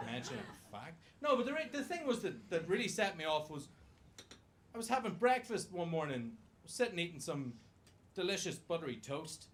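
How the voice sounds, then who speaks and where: High-voiced Irish comic, noisy club. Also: male voice, a little slow, long pauses. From Ireland. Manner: swearing, self-mocking, excitable punchlines. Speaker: stand-up comedian. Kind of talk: stand-up comedy set. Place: comedy club stage with audience laughter.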